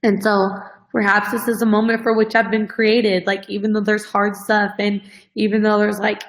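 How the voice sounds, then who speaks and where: A woman's voice: mid-range voice, flat delivery, moderate pace, rough recording. A woman hosting a fitness coaching show, talking casually and earnestly to her followers, emotional and close to tears, with many fillers. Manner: earnest, heavy use of "like" as filler. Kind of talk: casual heartfelt talk to followers.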